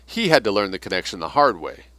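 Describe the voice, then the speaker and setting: Low-voiced guy reading from a book and tossing in comments, bright edgy tone. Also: sing-song, fast talker, no echo. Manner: reads passages then adds asides.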